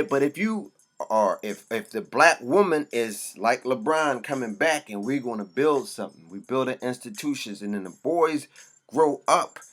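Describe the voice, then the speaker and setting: A man's voice: mid-range voice, fairly bright tone. A man delivering an impassioned, profane monologue. He talks bluntly and preaches in short bursts.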